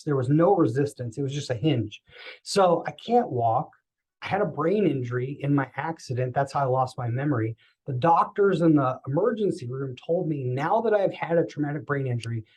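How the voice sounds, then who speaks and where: A man telling a personal story as a podcast guest, lively and acting out the people he quotes. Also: fairly high pitch, rough recording. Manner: animated, acting out quoted voices.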